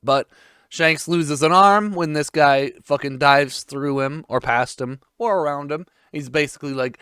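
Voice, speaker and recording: A man's voice: fairly high pitch, unhurried, fairly bright tone, smooth, no echo, studio quality. A man in his twenties giving a casual episode recap, rambling with irreverent, crude jokes. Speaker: vlogger.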